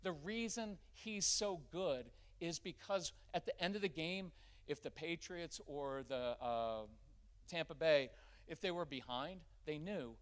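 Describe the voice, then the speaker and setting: A middle-aged man giving a live workshop talk in a church, energetic and conversational. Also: fairly high pitch, clear, resonant tone. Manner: energetic and conversational, acting out quick family scenes. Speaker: parenting workshop speaker. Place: church gathering with a live audience.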